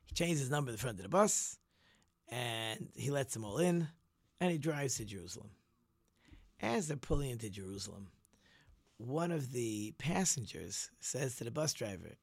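A man telling a story in a casual talk, animated, repeating words and acting out the people in it. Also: mid-range voice, normal speed, gravelly, no room sound. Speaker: storyteller and teacher.

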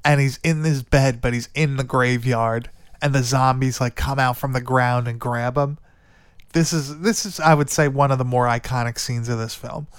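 A man talks through a movie's plot in loose, chatty podcast fashion, tossing in swear words and filler as he goes. His voice is smooth and clear. The sound is dry and close, with no room around it. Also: medium pitch, steady tone, normal speed, no room sound. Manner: rambling, swears often, lots of "like" and "dude". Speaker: podcast co-host. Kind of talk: casual movie recap chat.

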